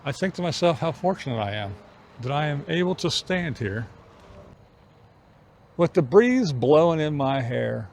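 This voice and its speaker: Middle-aged male vlogger, musing and unhurried, recorded outdoors with a faint hint of ambience. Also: on the high side, sing-song, vocal fry, a little hiss or hum. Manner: musing, unhurried, pausing between phrases. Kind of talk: reflective walking vlog chat. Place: outdoors on an evening walk.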